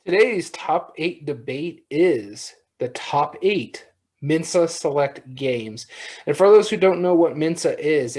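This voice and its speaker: Chatty podcast man, slightly higher voice. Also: a little mellow. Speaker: podcast co-host. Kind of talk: casual podcast chat.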